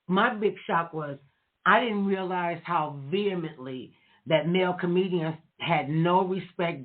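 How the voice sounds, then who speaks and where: A middle-aged woman hosting a talk show in casual chat, an animated storyteller who acts out the voices she quotes. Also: on the low side, husky. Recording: tinny phone-like line.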